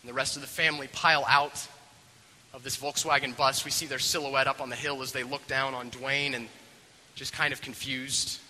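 A man expressively retells a film scene, performing the characters' voices as he goes. His mid-range voice moves at normal speed, in a big-sounding room on a low-quality recording.

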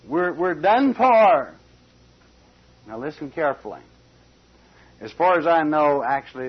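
A man preaching a folksy expository sermon, swinging between loud emphasis and quiet asides. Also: fairly high pitch, husky. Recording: dull lo-fi recording.

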